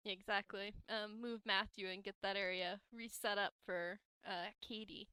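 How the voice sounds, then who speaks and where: Slow, bright-voiced woman running the game. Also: mid-range voice, clean tone, dry recording. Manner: relaxed and unhurried, with many hesitations. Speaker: game master. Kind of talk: tabletop game narration and chat.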